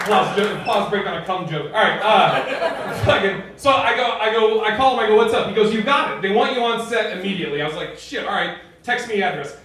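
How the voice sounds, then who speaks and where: A young man doing a stand-up set in a comedy club, laughing through his punchlines and swearing a lot. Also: high voice. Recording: echoey club mic from far off, loud room noise.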